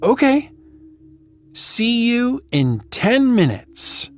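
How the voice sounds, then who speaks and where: An excited young woman friend, voiced by a woman reading a story aloud, eager and bright. Her voice rides noticeably higher than the narration and swings widely in pitch. The lines are spoken slowly and clearly for learners. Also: soft background music, exaggerated voice. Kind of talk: read-aloud story with acted dialogue.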